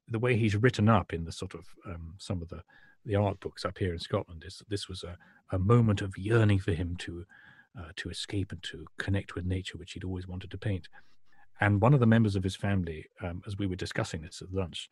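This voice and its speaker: A man co-hosting a podcast, talking about art in a thoughtful, halting way with many restarts and a husky voice. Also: on the low side, darkish tone, dry recording, studio quality. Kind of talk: casual chat about art.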